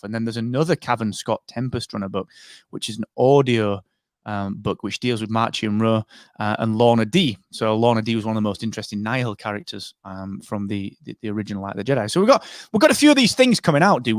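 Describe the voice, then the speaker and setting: Recorded in clean studio sound with no room ambience, a man with a medium-pitched voice co-hosts a podcast. He chats casually, rambling with lots of fillers and restarts.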